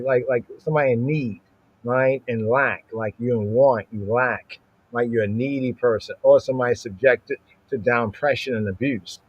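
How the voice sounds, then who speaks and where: A man's voice: mid-range voice, a little mellow, dry recording, highs cut off. A man teaching a scripture lesson on a livestream, repeating words and asking "right?" again and again. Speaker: Bible study teacher.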